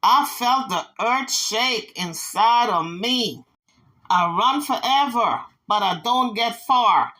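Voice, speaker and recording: A woman yelling a defiant, profane rant, heard from a video clip played back. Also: on the high side, expressive, slow pace.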